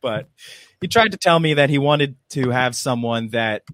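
A man co-hosting a podcast, chatting casually and telling stories in a rambling, animated way with plenty of restarts. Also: mid-range voice, moderate pace, dry recording, clean studio sound. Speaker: podcast co-host. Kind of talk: casual chat.

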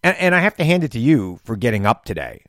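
Quick-paced and fairly bright, a middle-aged podcast host with a medium-pitched voice swings widely in pitch as he rambles through casual talk. He keeps cutting himself off and stammering on restarts; studio sound, no echo.

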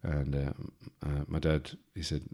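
An Irish man in his thirties with a very deep, low voice tells a comic story in a casual monologue. He rambles and goes off on tangents, filling gaps with ums and uhs and poking fun at himself. His Midlands accent comes through plainly. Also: level tone, unhurried, dark tone. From Ireland. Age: 30s. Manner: rambling, digressive, self-mocking, lots of fillers.

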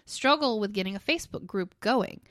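A woman, co-hosting a podcast in casual chat, animated and giggly as she tells stories. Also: medium pitch, a little fast, no room sound, studio quality. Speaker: podcast co-host.

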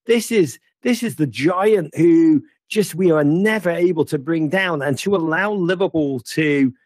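A man's voice: a little high, unhurried, slightly rough, no echo, clean studio sound. A man hosting a football chat, telling stories theatrically and teasing his caller playfully. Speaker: host.

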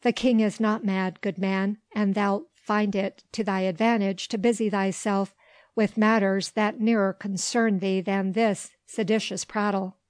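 A woman's voice: medium pitch, level tone, measured pace, no echo, close to an everyday voice. A proud, imperious boy king, as a woman reader puts him on, snapping out short commanding questions. The storybook voice is close and dry, with no room sound around it. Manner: sharp, commanding.

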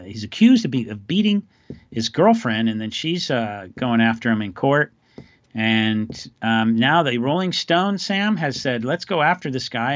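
A man's voice: medium pitch, no room sound, muffled recording. A man hosting a podcast, telling stories in a loose, rambling, wry way. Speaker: podcast host. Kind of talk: casual chat.

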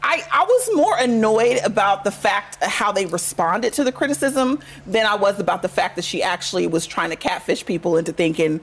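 Woman panelist, lively pitch, laughs often, speaks her mind. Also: moderate pace, hardly any pauses. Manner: animated, opinionated, laughs a lot. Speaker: talk show co-host. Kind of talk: casual chat.

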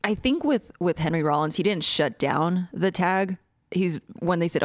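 Woman explaining stuff in an interview, kinda low voice, dry sound. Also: normal speed, dry recording. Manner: conversational, with fillers. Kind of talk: casual interview answer.

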